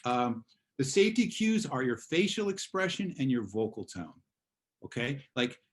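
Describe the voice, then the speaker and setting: Casual male teacher lecturing over a video call, animated examples. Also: mid-range voice, moderate pace. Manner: casual, acts out examples in voices. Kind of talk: online class lecture.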